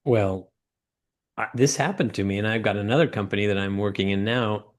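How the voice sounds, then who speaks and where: A middle-aged man, a guest in an interview, telling stories with lively acted-out quotes. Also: lowish voice, fairly quick. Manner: animated storyteller acting out quoted voices. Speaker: guest, former ladder company owner. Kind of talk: storytelling interview talk.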